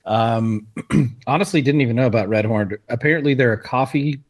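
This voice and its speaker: A man's voice: mid-range voice, brisk. Rambling, laughing man from Texas. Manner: rambling storytelling, laughs often. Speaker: podcast co-host. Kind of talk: casual chat.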